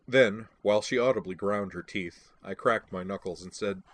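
Deep, husky male audiobook narrator. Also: normal speed, hardly any pauses. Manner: wry, dry-humored storytelling. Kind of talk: first-person audiobook narration.

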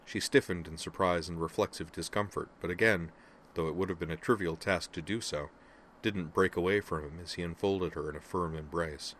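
Man, very deep voice, audiobook narrator, steady storytelling. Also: fairly quick, slight background noise. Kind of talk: audiobook fiction reading.

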